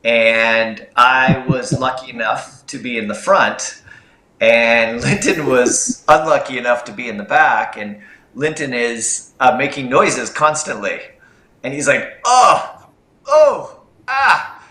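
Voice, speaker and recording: A man co-hosting a livestream, telling anecdotes with animated energy. His voice is bright and forceful. The room echoes around him. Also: medium pitch, unhurried. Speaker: co-host of a film livestream. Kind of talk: livestream storytelling chat.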